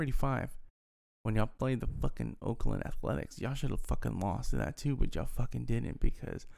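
A man's voice: medium pitch, gravelly, a little mellow. A man in a casual, profane rant as an upset sports fan, talking heatedly and repeating himself. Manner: heated, profane, repetitive ranting.

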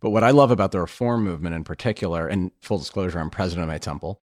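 Male host, very low voice, earnest and emphatic, rambles a bit, dry close sound. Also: very fast, a little mellow, dry recording. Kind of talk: casual conversation.

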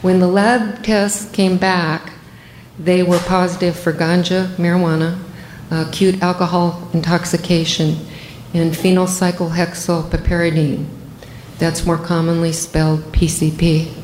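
An older woman, a physician, telling a first-person story in a measured, matter-of-fact way. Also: fairly low pitch, flat delivery, a little mellow, echoey room, a little hiss or hum, low-quality recording.

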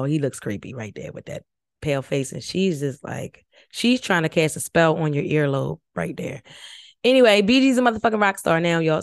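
A woman's voice: on the low side, smooth, no room sound, clean studio sound. A woman hosting a podcast, giving casual, rambling commentary on a reality show with lots of swearing. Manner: rambling, profane, chatty. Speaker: former nursing and medicine worker.

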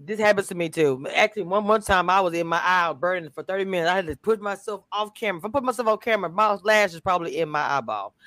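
A woman hosting a live online review panel, talking in a lively, slangy way and laughing often. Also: on the low side, fast, hardly any pauses, no room sound. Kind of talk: lively casual chat.

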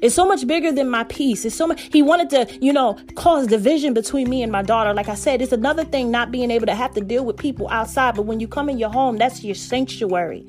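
A woman's voice: on the high side, fast, few pauses, a little mellow, soft background music. A woman vlogger telling an earnest devotional story and calling her viewers family. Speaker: faith vlogger.

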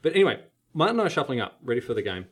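Podcast host, fast, expressive storyteller. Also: male voice, slightly rough. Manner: animated storyteller, acts out quotes with big pitch jumps. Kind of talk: casual podcast chat.

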